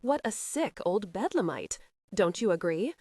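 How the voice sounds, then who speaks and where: A woman's voice: mid-range voice, big pitch swings, measured pace, a little mellow, breathy edge, dry recording. A woman reading a rakish lord, cool and light, controlled, storybook romance. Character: dominant, wicked-tempered male viscount.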